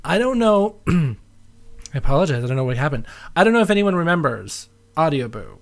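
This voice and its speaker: A man with a voice a little higher than usual for a man chimes in with wry, self-mocking asides. He talks in a loose, offhand way as he comments on an old episode of a podcast. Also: very animated, fairly quick, gravelly. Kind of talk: casual commentary.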